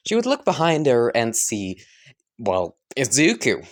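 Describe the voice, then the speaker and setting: Man, slow pace, rambling casual fan-story narration, fillers, swearing. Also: mid-range voice, wildly swooping pitch.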